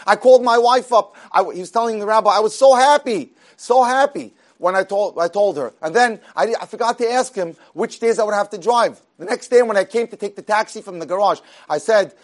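High-voiced man telling a story. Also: a little fast, few pauses. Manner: animated, acts out the characters' dialogue; conversational, with frequent restarts and repeated words. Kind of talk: retelling an inspirational story.

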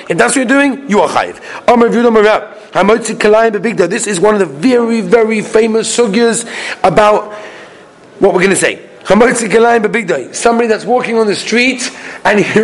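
A man with a fairly high voice leads a daily Talmud lesson. He reads a phrase aloud and moves straight into a brisk explanation of it. Small chuckles come between his points. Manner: quick explanatory delivery, translating phrases as he reads. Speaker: Talmud teacher.

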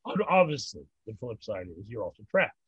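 Older rabbi, husky, telling jokes. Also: male voice, fairly low pitch, big pitch swings, brisk, a bit bright, no echo, dull audio. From North America. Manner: rambling, repeats words, tells old jokes with laughs. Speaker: rabbi, interview guest. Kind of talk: storytelling conversation.

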